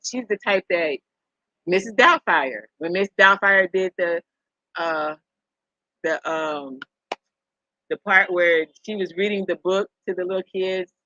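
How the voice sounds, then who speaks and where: A woman's voice: on the low side, a little slow, long pauses, pushed and bright, dry recording. A middle-aged woman hosting a live stream, chatting casually and rambling through stories with chuckles and repeats. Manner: rambling storyteller, chuckles often, repeats herself. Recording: dull lo-fi sound.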